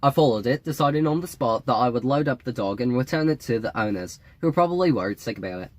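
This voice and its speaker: A man reading an audiobook in a wry, measured storytelling manner. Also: medium pitch, animated. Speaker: audiobook reader. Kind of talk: audiobook narration.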